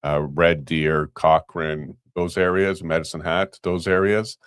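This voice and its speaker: A man with a very deep voice, chatting loosely as a co-host and chuckling often. The sound is close and dry, with no room around it. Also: a little slow, clear, resonant tone, no room sound. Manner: relaxed, chuckling, rambling. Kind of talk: casual chat.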